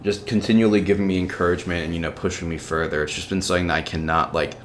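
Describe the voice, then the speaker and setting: A young man from New York with a low, deep voice, talking as a podcast guest. He tells his story in loose, casual chat, packed with fillers and freely dropped swear words. A faint hiss of noise sits under his voice. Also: fairly even intonation, very fast. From New York, USA. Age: 20s.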